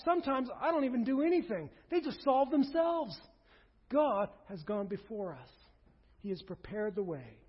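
A man's voice: very high voice, breathy edge, long reverb tail, dull audio. A man preaching a sermon as pastor, earnest, acting out quoted speech with rising emphasis.

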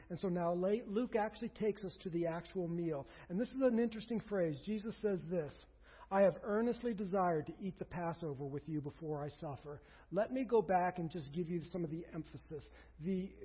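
A pastor delivers an earnest sermon in a high, slightly husky voice. He leans into quoted lines with mounting emphasis. The recording sounds muffled and lo-fi. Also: in a large hall. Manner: earnest, acts out quoted speech with rising emphasis.

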